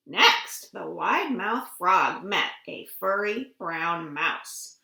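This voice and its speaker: A woman librarian reading a picture book aloud to children from her home, gentle and expressive, with little gasps. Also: fairly low pitch, takes it slowly, gravelly. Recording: roomy home room recording.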